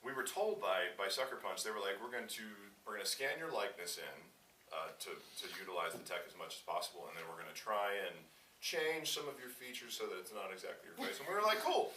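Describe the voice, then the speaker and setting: A man's voice: on the low side, fast talker, slight background noise. A man in his thirties, a voice actor, answering interview questions at a convention and acting out the people in his stories. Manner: animated storyteller acting out quotes. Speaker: voice actor guest. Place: convention event. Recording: echoey hall, slightly distant mic.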